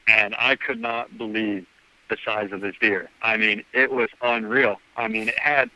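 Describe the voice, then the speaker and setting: Bright, sharp-voiced man telling a story. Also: fairly low pitch, lively intonation, moderate pace, dry recording, lo-fi sound. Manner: rambling, acts out the dialogue with "I'm like" quotes. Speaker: guest hunter. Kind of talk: casual storytelling.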